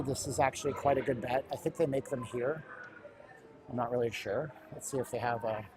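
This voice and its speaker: A middle-aged man giving chatty, rambling live commentary while walking indoors, with jokey asides. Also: mid-range voice. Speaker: livestream host.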